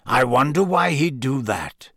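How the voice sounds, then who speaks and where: A man's voice: mid-range voice, animated, fairly bright tone, no room sound, clean studio sound. A man reading aloud, voicing a grave, brooding adult man who mutters thoughtfully in a storybook. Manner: muttering, measured.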